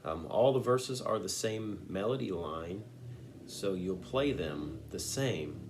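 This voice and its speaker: A man's voice: deep voice, expressive, slow pace, darkish tone, slight background noise. A man teaching a guitar song note by note, patiently walking through each finger move and sometimes singing a lyric. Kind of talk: step-by-step guitar lesson.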